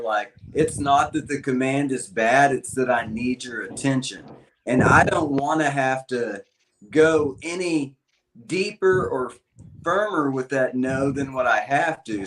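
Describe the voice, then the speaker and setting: A man dog trainer on a video call, speaking in a calm, measured and reflective way. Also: medium pitch, rough recording. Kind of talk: casual panel chat.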